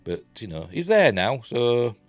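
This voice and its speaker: A man's voice: medium pitch, very animated, unhurried, no room sound, faint music behind. A man with a Yorkshire accent reviewing a TV episode in a rambling, casual way, full of fillers.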